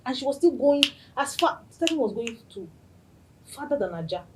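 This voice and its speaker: A woman hosting a podcast, telling a personal story in an excited way and laughing often. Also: high-pitched, a little fast, background noise. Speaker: podcast host.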